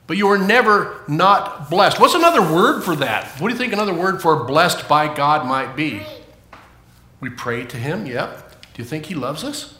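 A man leading a children's sermon in church, playful and animated, asking the kids questions. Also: on the high side, normal speed, reverberant, slight background noise. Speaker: children's pastor.

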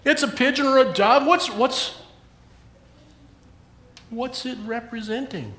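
A pastor with a very high-pitched voice speaks slowly in a roomy-sounding space, giving a children's sermon. He's animated, asking the kids questions and encouraging them.

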